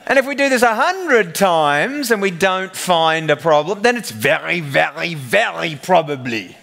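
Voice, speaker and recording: A man's voice: a little high, expressive, measured pace, creaky, pushed and bright, exaggerated voice. A man voicing a blunt, matter-of-fact mathematician played as an Australian bloke during a talk. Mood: blokey.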